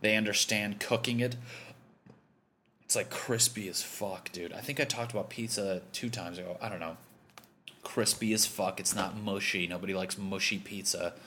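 A young man from Connecticut hosts a podcast, riffing through a swear-filled, rambling comedic monologue. His voice sits a little low but has a bright, forceful edge. A faint hiss of noise runs underneath. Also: steady tone, normal speed. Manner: profane, rambling, ranting. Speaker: podcast host.

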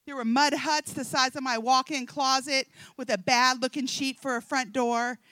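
A middle-aged woman giving a humorous testimony talk to a church audience, telling the story in a lively way and acting out the dialogue. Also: high-pitched, normal speed, no room sound. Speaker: speaker at a Christian event.

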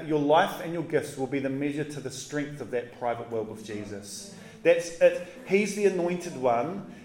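High-voiced man preaching casually. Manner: relaxed and slangy, with animated asides. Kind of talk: casual conversational sermon. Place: church. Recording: roomy echoey hall.

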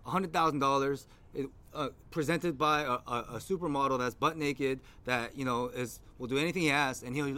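A man's voice: medium pitch, fairly quick, few pauses. A man hosting a podcast in casual chat, telling stories animatedly, swearing freely and acting out what others said. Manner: animated, profane, acts out quotes in other voices. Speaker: podcast host.

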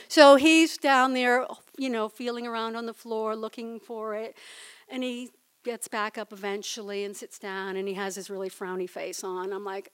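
Chatty woman telling a story on stage. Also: a little high. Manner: chatty, conversational, asks the audience "right?". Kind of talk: live personal storytelling. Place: stage at a live storytelling event.

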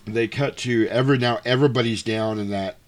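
A man casually retelling a movie's plot, jumping into quick acted-out quotes of the characters. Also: medium pitch. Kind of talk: casual movie recap chat.

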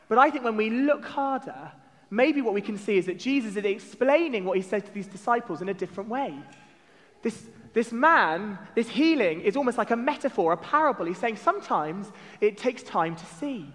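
A man with a very high voice speaks in a playful, jokey way, drawing the congregation into a game before his sermon. His voice carries a long reverb from a large church. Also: lively intonation, brisk, a bit bright. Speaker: preacher leading a church service. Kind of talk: playful family-service talk.

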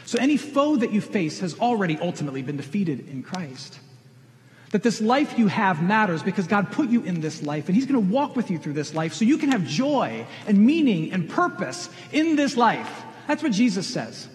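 A man's voice: sits high, sing-song, moderate pace, slight background noise. A middle-aged man preaching a sermon, earnest and direct, pressing questions on his congregation. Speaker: pastor. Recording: long reverb of a large hall.

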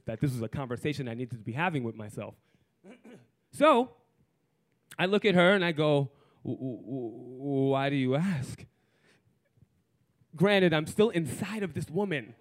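A man around thirty telling a frank personal story in a candid, profane, self-mocking way, swinging between loud bursts and hushed asides. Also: fairly high pitch. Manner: animated, shifts from loud to hushed.

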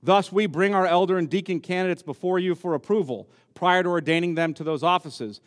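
A man's voice: sits high, a little fast. A man preaching a sermon as pastor, emphatic and repeating key words for stress. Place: church sanctuary. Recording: long reverb of a church hall.

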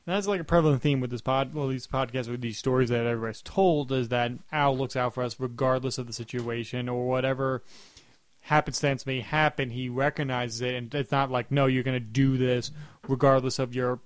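Young man hosting a casual podcast, mid-pitched, easygoing questions; dry close-miked sound. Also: a little fast, no room sound. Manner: relaxed, asks follow-up questions, laughs along. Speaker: podcast host.

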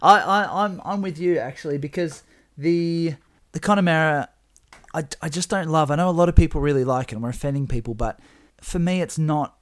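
A man co-hosting a podcast in a relaxed, conversational way. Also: fairly high pitch, a little fast. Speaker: podcast co-host. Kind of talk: casual whisky podcast chat.

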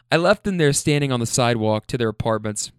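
A man's voice: medium pitch, clear, resonant tone, dry recording, clean studio sound. A man casually telling a story, chatty and laid-back, with profanity and self-deprecating asides. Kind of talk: casual spoken anecdote.

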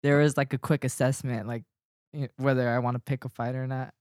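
A man's voice: medium pitch, flat delivery, fairly quick, a little mellow, no room sound, clean studio sound. An American man co-hosting a podcast, telling stories in a rambling, laughing, profane way. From United States. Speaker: podcast co-host. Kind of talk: casual chat.

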